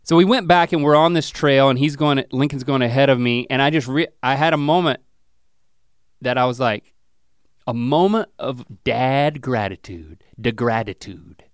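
A man's voice: fairly quick, clean tone, no echo, clean studio sound. A middle-aged man co-hosting a casual comedy chat, telling rambling, self-mocking stories about his kids. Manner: rambling, self-mocking storytelling with lively pitch swings. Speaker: podcast co-host.

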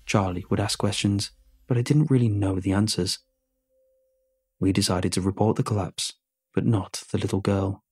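A man narrating a first-person horror story in a hushed, measured, shaken way. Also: fairly low pitch, steady tone, breathy edge.

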